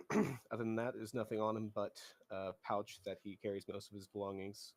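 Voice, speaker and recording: A man's voice: lowish voice, steady tone, normal speed. A man playing a tabletop game over voice chat, talking casually with some fillers. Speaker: player.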